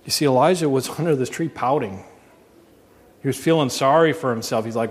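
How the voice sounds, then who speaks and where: A man's voice: mid-range voice, brisk. A man preaching a sermon as pastor, earnest, asking his congregation questions. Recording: long reverb.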